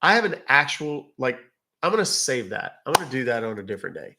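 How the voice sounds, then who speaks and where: Against a noisy background, a British-accented livestream host from England talks fast at medium pitch with big swings in his pitch. He chats loosely with viewers, rambling and breaking off mid-thought.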